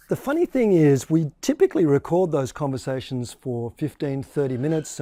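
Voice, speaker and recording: Dark-toned male sales trainer, dry sound. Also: on the high side, no echo. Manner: demonstrates tones of voice as he talks. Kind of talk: explaining a training course.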